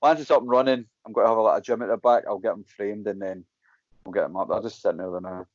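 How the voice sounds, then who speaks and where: A man's voice: fairly low pitch, fast, no room sound, lo-fi sound. A Scottish man, a mixed martial arts fighter, chatting casually as a guest, telling stories with lots of swearing and acting out what people said. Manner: animated storytelling, frequent swearing, acts out quotes. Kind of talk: casual chat.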